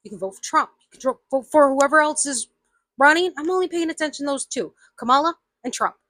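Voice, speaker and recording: A woman's voice: high voice, lively intonation, quick pace, fairly bright tone. A woman vlogger giving a casual opinion monologue, emphatic, repeating her points and asking "okay?".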